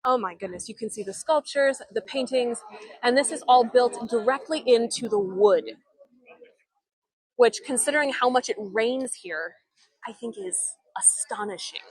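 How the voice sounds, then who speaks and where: This clip features a young woman on a live walking tour of an old town street, speaking eagerly and chattily into a phone she holds while responding to viewer comments. Her somewhat high, husky voice moves at normal speed. The recording is dry and rough.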